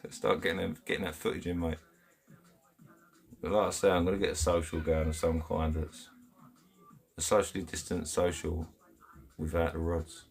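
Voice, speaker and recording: A man's voice: low-pitched, level tone, moderate pace, gravelly, pauses often, faint music behind. A man with an English accent hosting a casual live stream, chatting bluntly in heavy slang, laughing often and reading out viewers' comments from his home. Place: home, indoors.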